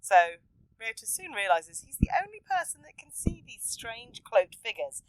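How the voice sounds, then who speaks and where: A woman hosting a podcast, chatting casually and acting out characters' lines with excitement. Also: moderate pace, low-quality recording. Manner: animated, acts out characters' lines in a high excited voice. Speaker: podcast host. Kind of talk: casual podcast chat recapping an anime.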